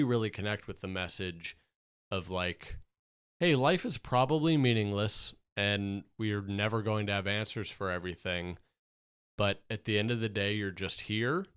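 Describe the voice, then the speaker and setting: A young man hosting a podcast, speaking in a wry, measured way. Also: lowish voice, a bit bright, clean tone. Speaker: podcast host. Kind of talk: casual chat.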